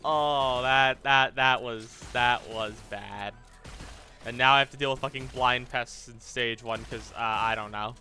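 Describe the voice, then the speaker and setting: Bright-voiced man streaming a game. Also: mid-range voice, fairly even intonation, measured pace, soft background music. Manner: thinks aloud, stammers and repeats himself, swears when frustrated. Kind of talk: live gaming commentary.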